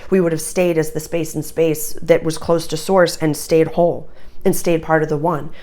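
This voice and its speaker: A woman's voice: sits low, little pitch movement, normal speed, warm tone. A woman giving a channeled tarot reading to camera, urgent, emotional and earnest, with many fillers. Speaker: astrology and tarot reader.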